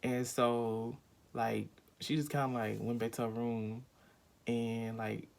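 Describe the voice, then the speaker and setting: A man's voice: mid-range voice, gravelly. A young man telling a rambling, emphatic storytime vlog at home, full of fillers and acted-out quotes. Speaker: vlogger.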